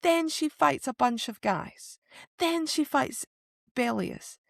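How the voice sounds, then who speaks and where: A woman co-hosting a book podcast, retelling scenes in an animated, ranting way with emphatic outbursts. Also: high voice, slow, vocal fry, dry recording, studio quality. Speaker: podcast co-host. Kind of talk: casual book-discussion chat.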